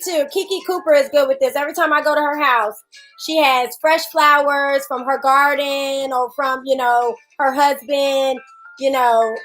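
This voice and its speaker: A woman's voice: high-pitched, fairly bright tone. A woman hosting a live morning chat show in a casual, playful way. She greets viewers by name and laughs often. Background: faint jazz music.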